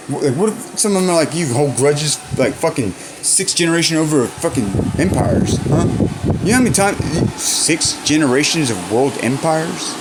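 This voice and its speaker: A man's voice: on the high side, background noise. A young man in casual chat, rambling on in slangy, profane talk full of "bro" and "like".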